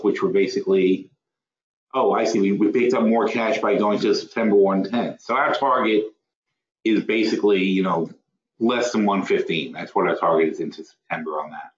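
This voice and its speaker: Low-voiced man muttering through a webinar. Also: moderate pace. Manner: mutters to himself and scolds his software; rambling, self-correcting. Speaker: webinar host. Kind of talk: live trading webinar, thinking aloud. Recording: roomy, dull lo-fi webinar audio.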